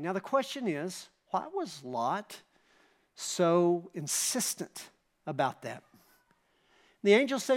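A man's voice: on the high side, expressive, measured pace. A pastor preaching a sermon, emphatic and dramatic as he retells scripture and asks the congregation rhetorical questions.

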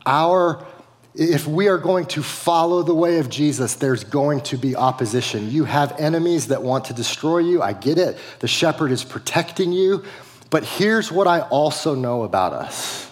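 A man's voice: a little high, animated, normal speed, in a large hall. A middle-aged man preaching a sermon as a pastor, conversational, with frequent casual fillers.

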